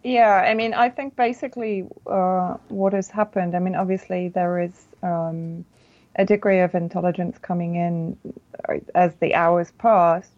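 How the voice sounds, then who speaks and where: A woman guest on an interview, explaining carefully with many pauses and fillers. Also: lowish voice, little pitch movement, a little mellow. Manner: measured, hesitant with many fillers. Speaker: guest journalist. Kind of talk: phone-in interview. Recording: muffled lo-fi line.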